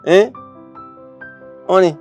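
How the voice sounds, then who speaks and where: A man's voice: drawn-out words, darkish tone, faint music behind. A man playing a coaxing Jamaican boyfriend. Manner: coaxing patois, repeats himself. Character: sweet-talking Jamaican boyfriend. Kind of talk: comedy skit acting.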